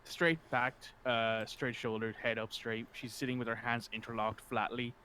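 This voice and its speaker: A man at a tabletop role-playing session, calmly narrating what his character does. He has a mid-range voice and an easy, chatty delivery. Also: medium pitch, normal speed, a little hiss or hum. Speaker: tabletop game player. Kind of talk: describing character actions.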